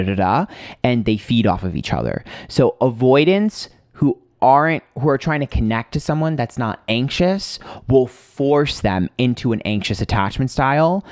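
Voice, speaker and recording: Livestream host, male, lowish voice, chatty storyteller who swears a lot, dry close sound. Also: a little mellow, dry recording. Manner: chatty storytelling, swears freely, greets viewers. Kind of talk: casual livestream chat.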